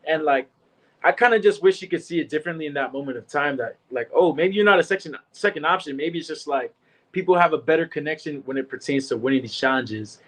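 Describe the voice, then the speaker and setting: A young man co-hosting a reality show recap, talking in relaxed slangy banter and often laughing. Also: a little high, fast. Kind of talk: casual chat.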